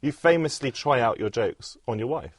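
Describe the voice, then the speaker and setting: A man interviewing a guest with short, brisk questions. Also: mid-range voice, expressive, husky, no room sound, clean studio sound.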